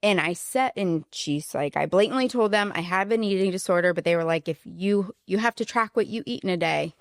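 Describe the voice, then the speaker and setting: A woman's voice: lowish voice, a little fast, no room sound. A woman hosting a podcast, telling a client story earnestly with hesitant fillers. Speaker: podcast host. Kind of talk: casual podcast chat.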